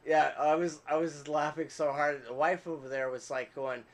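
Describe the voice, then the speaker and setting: A man's voice: on the high side, fairly even intonation, moderate pace. A man hosting a casual podcast, chatty, telling stories and laughing often. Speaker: podcast host. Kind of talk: casual chat.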